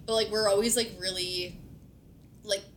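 A woman's voice: steady tone, normal speed. A woman hosting a podcast, chatting casually with her partner, filling her speech with "like" and swearing now and then. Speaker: podcast host. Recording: noisy recording with low rumble.

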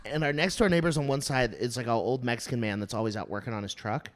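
A young man in casual chat, telling a story in an animated way, swearing and laughing often. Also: medium pitch, fast talker.

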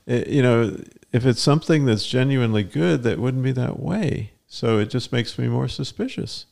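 A man's voice: medium pitch, animated, normal speed, gravelly, darkish tone. An older man co-hosting a podcast with his daughter, musing in casual chat and cracking dry puns. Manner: musing, dry punning humor. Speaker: co-host, the host's father.

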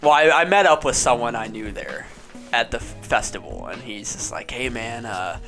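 A man's voice: medium pitch, very animated, normal speed, creaky, fairly bright tone, soft background music. A young man from Ohio, a podcast guest, telling stories in a laid-back, casual way and saying "dude" and "man" a lot. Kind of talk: casual chat.

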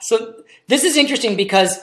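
A woman's voice: fairly high pitch, animated, brisk, fairly bright tone. A woman in a casual chat, making wry, jokey asides about a friend's story.

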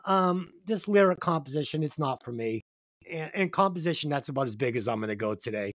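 A man's voice: a little high, expressive, brisk, a bit bright, no room sound, clean studio sound. A man co-hosting a casual album review podcast, joking, swearing and acting out quoted voices. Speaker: podcast co-host. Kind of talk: casual music review chat.

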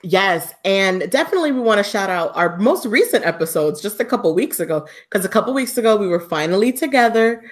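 A woman co-hosting a podcast live, chatting in an upbeat, excitable way and laughing easily. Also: mid-range voice, a little fast, few pauses. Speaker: podcast co-host. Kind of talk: casual live-stream chat.

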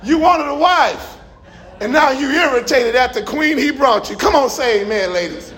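A middle-aged male pastor from Los Angeles, preaching a sermon in a church with emphatic, shouted bursts and calls to the congregation. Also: very high-pitched, lively intonation, moderate pace.

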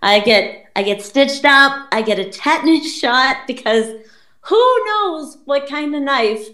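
A woman's voice: high-pitched, a little slow. Blunt, profane woman telling a story. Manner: blunt and profane, quoting people in lively put-on voices. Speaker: podcast guest. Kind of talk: casual storytelling. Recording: roomy echo.

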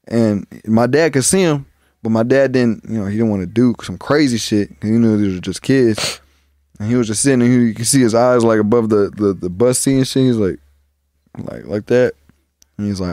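A man's voice: medium pitch, moderate pace, dark tone, dry recording, clean studio sound. A young man co-hosting a podcast, telling long profane stories from childhood in a rambling, casual way. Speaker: podcast co-host. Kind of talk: casual chat.

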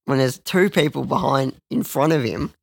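Young man, crude and rambling storyteller; gravelly, dry close recording. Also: medium pitch, normal speed, dry recording. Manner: rambling, crude, with lots of restarts. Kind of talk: casual storytelling chat.

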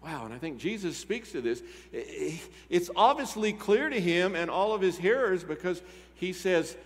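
A man's voice: high voice, animated, normal speed. A man who is a pastor, preaching a sermon in a conversational way and asking his congregation questions. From Texas. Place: church sanctuary. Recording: church hall reverb.

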